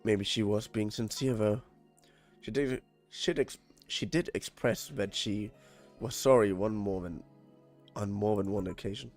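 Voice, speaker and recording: A man's voice: on the low side, measured pace, faint music behind. A man with a German accent reading game dialogue aloud on a stream, tripping over words and swearing when annoyed.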